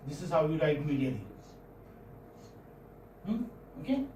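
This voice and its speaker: A man's voice: fairly high pitch, very animated, normal speed, pauses often, darkish tone, roomy sound, recorded from a distance, a little hiss or hum, rough recording. A man with an Indian English accent, a college English professor, giving a phonetics lecture and often checking that students follow.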